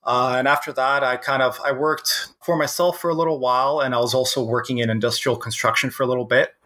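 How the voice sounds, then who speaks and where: A man's voice: medium pitch, fairly even intonation, quick pace, sharp tone. A man from Canada, a company founder, speaking as a podcast guest in an easygoing way with some restarts. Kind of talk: casual podcast interview.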